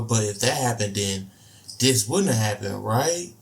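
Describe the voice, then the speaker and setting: A man's voice: medium pitch, animated, a little fast, gravelly. A man hosting a reaction video, talking in loose slang and repeating himself as he comments. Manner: slangy, laid-back, repeats phrases. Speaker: reaction host.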